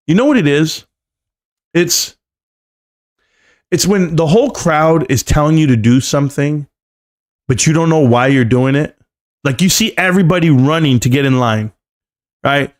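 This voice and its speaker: A man's voice: fairly high pitch, expressive, moderate pace, pauses often. A man hosting a live stream, standing at his desk, joking and rambling in casual chat and calling everyone "bro". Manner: standing at a desk while talking.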